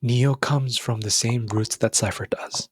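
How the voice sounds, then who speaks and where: A man talks casually on a podcast, working through his thoughts out loud. His voice is slightly husky, at a middling pitch, and sounds dry and close. He often restarts his sentences as he thinks. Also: fairly even intonation, measured pace, dry recording. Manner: musing, thinks aloud with restarts. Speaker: podcast co-host.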